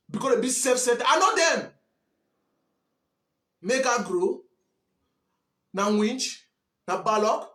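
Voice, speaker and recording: A man's voice: very high-pitched, lively intonation, takes it slowly, pauses often, sharp tone, reverberant. A man from Southwest Cameroon with a Cameroonian Pidgin English accent, scolding and repeating himself in an impassioned monologue. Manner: preachy, repetitive, scolding. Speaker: commentator.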